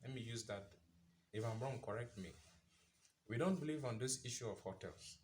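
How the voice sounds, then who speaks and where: A man's voice: medium pitch, animated, moderate pace, darkish tone, slight background noise. A man giving an impassioned commentary monologue, asking rhetorical questions and repeating phrases for emphasis. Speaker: vlogger.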